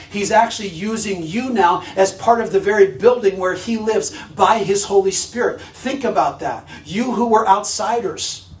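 Emphatic high-voiced man preaching in a hall. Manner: emphatic, repeats phrases for stress, asks the congregation questions. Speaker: pastor. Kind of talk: sermon. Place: church sanctuary. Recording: roomy hall sound from a distance.

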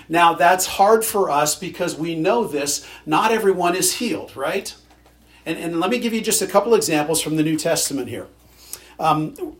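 A male pastor preaching a sermon in a conversational way, with dry sarcastic humor. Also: a little high.

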